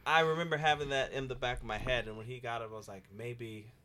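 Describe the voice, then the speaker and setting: A man's voice: steady tone, fast, over a noisy crowd. A man chatting casually, rambling with many filler words and getting exasperated about a TV show. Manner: rambling, lots of "like" fillers, jumps high when exasperated. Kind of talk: casual podcast chat.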